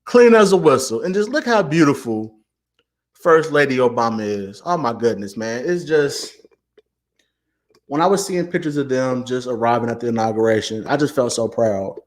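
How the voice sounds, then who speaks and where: A man in his late twenties hosts a casual commentary show, his medium-pitched voice moving at a moderate pace. He speaks with animated, heartfelt emotion, stammering and saying "man" again and again.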